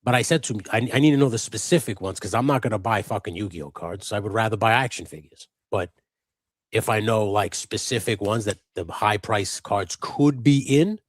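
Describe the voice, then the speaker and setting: A man with a fairly low voice tells a long, animated story, swearing freely as he goes. It is relaxed, casual live-stream chat. The sound is dry and close, with no room echo. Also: brisk. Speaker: co-host of a live customizing stream.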